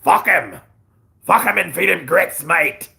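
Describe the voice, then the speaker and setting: A man putting on a crude, scheming heavyweight boxer, muttering profanities in a lowered voice. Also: animated, a little slow, gravelly, bright, forceful tone, slight background noise, heavily acted.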